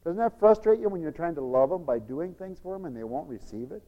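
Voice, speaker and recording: A man preaching a radio sermon, animated, acting out the whining voices of children as he goes. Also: a little high, fast talker, in a large hall, highs cut off.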